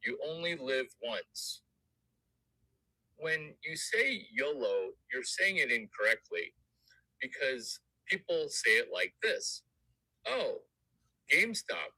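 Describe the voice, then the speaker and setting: Brief: male livestream host, jokey, repetitive lecturer, sharp bright tone, unhurried. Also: mid-range voice, big pitch swings, dry recording, rough recording. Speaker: show host. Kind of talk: casual livestream monologue.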